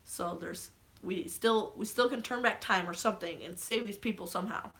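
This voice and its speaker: A young woman vlogging in casual chat, excitable and rambling, with frequent swearing. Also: medium pitch, normal speed.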